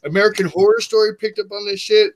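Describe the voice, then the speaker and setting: A young man hosting a podcast, telling a crude story in a loose, animated way and acting out the people in it. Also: sits high, gravelly. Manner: animated, acts out the people in his stories with quick shifts. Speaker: podcast host. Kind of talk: casual profane storytelling.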